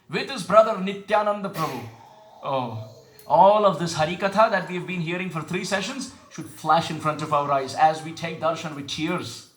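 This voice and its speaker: Male preacher with a high, bright voice; asks listeners questions, intones verses slowly; echoey hall. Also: a little hiss or hum. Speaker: spiritual teacher. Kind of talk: devotional sermon with call and response.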